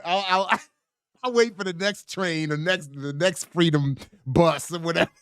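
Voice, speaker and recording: A man co-hosts a casual podcast conversation, telling stories with jokes and frequent laughter. His voice sits somewhat high for a man. The sound is close and dry, with no room in it. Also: normal speed, clear, resonant tone, dry recording. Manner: laughing, joking, animated storytelling. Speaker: podcast co-host. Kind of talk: casual chat.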